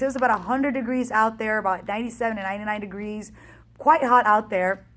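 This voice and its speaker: Energetic woman fitness coach telling a story. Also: on the high side, fairly quick. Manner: energetic and chatty, acting out quoted exchanges. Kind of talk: casual motivational storytelling.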